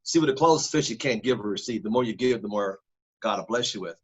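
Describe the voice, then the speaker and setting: A man's voice: on the low side, animated, quick pace, husky. A man from Northern California, a podcast guest telling his life story in an interview, emphatic and repeating words for stress. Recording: dull lo-fi audio.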